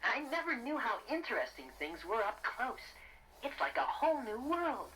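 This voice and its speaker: A performer voicing a friendly, earnest young male teddy bear in a storybook cassette, eager and gently instructive. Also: medium pitch, very animated, moderate pace, a little hiss or hum, poor audio. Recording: loud music bed.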